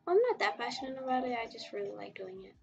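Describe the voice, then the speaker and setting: Brief: high-pitched woman, giggly rambling livestream chat while drawing, slightly muffled, soft music underneath. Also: lively intonation, very fast, creaky. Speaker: webtoon artist streamer.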